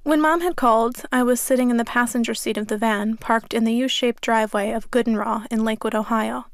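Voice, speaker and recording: A woman author reading her memoir as an audiobook in a studio, in a steady, measured way. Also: fairly high pitch, no echo. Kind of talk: audiobook narration. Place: recording studio. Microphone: studio microphone.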